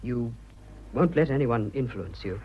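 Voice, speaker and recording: An English actor lightly acts the part of an earnest, bashful young businessman declaring his love, in 1940s radio style. His medium-pitched voice has lively intonation and a measured pace, with a little hiss or hum on a dull old broadcast. This suitor is flustered, ardent, bashful, blustering and eager.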